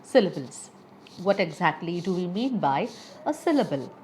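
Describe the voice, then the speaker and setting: A woman teaching an English pronunciation lesson, reading out example words slowly and carefully, often saying each one twice. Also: lowish voice, sing-song, a little mellow, slight background noise.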